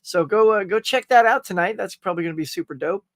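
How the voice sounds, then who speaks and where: A man's voice: high voice, fast talker, no room sound, studio quality. A man hosting a live morning pop-culture stream, rambling casually, joking and reading viewer comments aloud.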